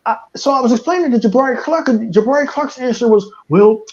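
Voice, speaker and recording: This American podcast host has a very high voice and talks fast, though the audio is dull. His casual show is full of profanity, strong opinions, and stammering restarts, and he laughs at his own jokes.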